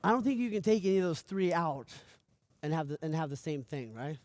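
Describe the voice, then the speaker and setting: A man giving a motivational coaching speech, energetic, often asking "right?" and acting out little dialogues. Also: fairly high pitch, fairly quick, no echo. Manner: energetic, repeats "right?" often, stammers on restarts; acts out dialogue in lively voices. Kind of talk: motivational talk.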